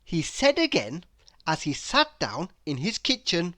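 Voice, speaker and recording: Woman narrating a kids' story, slow, very animated pitch swings. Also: no echo. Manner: expressive, animated reading with slow pacing. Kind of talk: children's story read-aloud.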